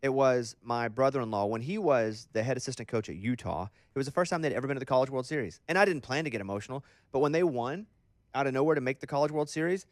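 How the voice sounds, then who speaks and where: Male morning-radio host, mid pitch, chatty and animated, dry close-mic studio sound. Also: dry recording. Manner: animated storyteller, quick and rambling. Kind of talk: casual morning radio chat. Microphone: studio microphone.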